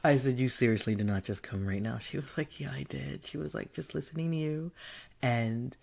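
A man recounts a personal anecdote in a loose, chatty way. He acts out the other people's lines, laughs often and swears freely. His voice sits at an ordinary middle pitch. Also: a little fast, creaky. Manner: animated, laughing, swearing, acting out quoted voices. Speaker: storyteller. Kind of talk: casual anecdote.

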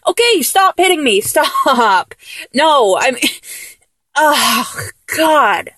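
A woman's voice: high voice, lively intonation, slow, a bit bright. A woman performing a one-sided audio role-play, moving from teasing to tearful, breathless pleading.

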